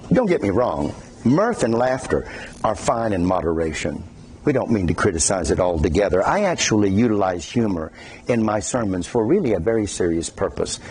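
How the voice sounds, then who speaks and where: A man preaching a sermon as a pastor, talking in a conversational, animated way and often breaking into laughter. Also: on the low side, a little hiss or hum.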